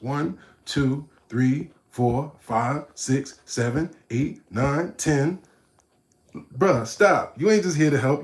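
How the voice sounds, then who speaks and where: Animated New man on a live stream. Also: measured pace. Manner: animated, mocking, swings from low muttering to loud outbursts; streetwise slang, addresses chat directly. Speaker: live-stream host reacting to a video. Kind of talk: casual live-stream commentary.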